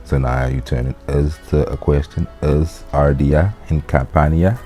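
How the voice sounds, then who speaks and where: A man's voice: rumbling low, steady tone, a little slow, dark tone, faint music behind. A man teaching a casual language lesson, explaining loosely with fillers and restarts. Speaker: Latin teacher.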